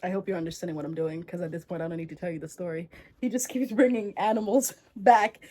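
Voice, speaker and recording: A woman's voice: fairly low pitch, fast talker, mellow. A young woman tells an old folktale like she's gossiping with a friend, slangy and rambling. She keeps stopping for wry side comments and strings everything together with "like.". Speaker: storyteller. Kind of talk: casual comedic folktale retelling.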